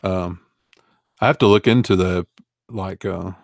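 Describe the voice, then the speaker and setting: A man's voice: low-pitched, fairly even intonation, measured pace, creaky, dry recording, studio quality. A man in his forties, an online reseller, chatting casually and rambling through viewer questions with easygoing fillers and chuckles. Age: 40s. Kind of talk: casual live Q&A chat.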